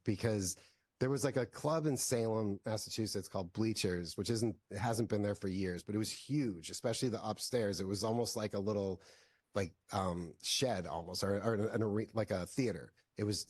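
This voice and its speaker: A filmmaker guest in a casual interview, telling long stories with lots of "like" fillers. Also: male voice, on the low side, normal speed, a little mellow, no echo, clean studio sound. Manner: rambling, heavy use of "like" fillers.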